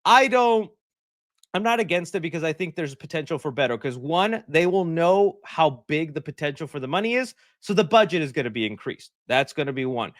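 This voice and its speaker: A man hosting a livestream, talking in a rambling, joking, animated way at his desk mic. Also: a little high, brisk, dry recording, clean studio sound. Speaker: livestream host. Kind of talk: casual livestream chat.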